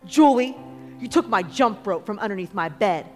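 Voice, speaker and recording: A woman voicing a furious, bossy little girl who shouts demands in a storybook reading. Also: mid-range voice, animated, moderate pace, big-room sound, soft background music, lightly acted.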